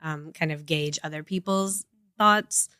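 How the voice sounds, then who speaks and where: A woman's voice: low-pitched, measured pace, sharp tone, clean tone, no room sound. A woman co-hosting a casual podcast chat, explaining with examples and lots of "like" and "right?". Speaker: podcast co-host.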